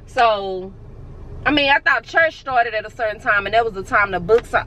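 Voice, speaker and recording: Chatty high-voiced woman vlogger. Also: moderate pace, pushed and bright, slight background noise, poor audio. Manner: chatty, emotional, talks straight to viewers. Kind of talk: casual vlog chat to camera.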